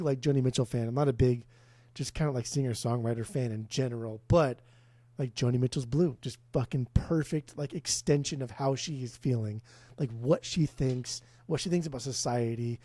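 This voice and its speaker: A man co-hosting a casual music podcast, loud, profane and rambling with enthusiasm, a few beers in. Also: mid-range voice, dry recording. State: tipsy from beers. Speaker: podcast co-host.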